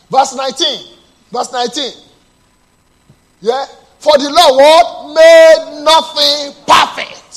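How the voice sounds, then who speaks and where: A male pastor delivers a call-and-response sermon, asking the congregation to answer him. He drops to a low, soft storytelling voice, then breaks into loud bursts.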